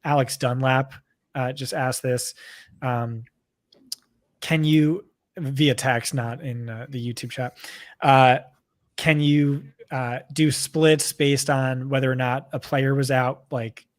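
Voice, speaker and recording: A man with a New Jersey accent co-hosting a live stream, talking quickly and casually with lots of fillers. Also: mid-range voice, steady tone. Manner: quick, chatty, full of fillers. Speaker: co-host presenting a data tool.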